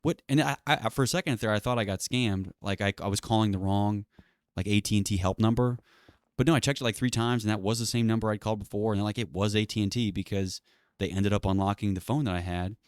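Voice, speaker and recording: A man hosting his own show in a loose, rambling monologue, sarcastic and profane. He talks fast in a low, smooth voice, in a dry, close recording. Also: steady tone, dry recording. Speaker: channel host. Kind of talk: casual solo monologue.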